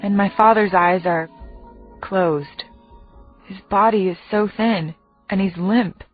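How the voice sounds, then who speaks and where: A woman's voice: mid-range voice, slow, narrow, tinny audio, faint music behind. A woman narrating a first-person audiobook in a vivid, dramatic way.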